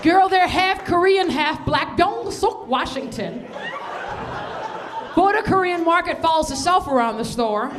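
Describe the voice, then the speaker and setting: A woman comedian telling a stand-up story, with laughing asides and shouted punchlines. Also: very high voice, animated, unhurried, crowd noise, noisy background.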